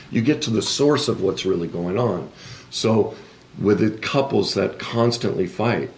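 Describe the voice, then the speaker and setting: A man's voice: deep voice, vocal fry, a little hiss or hum. A man speaking as a relationship coach in a podcast interview, explaining things in an earnest, emphatic way.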